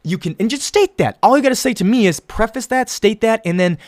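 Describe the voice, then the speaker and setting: A man hosting a podcast, talking fast and animated, wired on caffeine and swearing freely. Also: high-pitched, no echo, studio quality. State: hopped up on caffeine. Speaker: podcast host. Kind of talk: casual podcast talk and rant.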